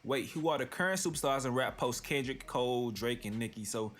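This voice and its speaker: A man's voice: medium pitch, a little fast, a bit bright. A man hosting a commentary channel, reading posts aloud and reacting in loose, slangy casual talk. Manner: reads tweets aloud then reacts, slangy.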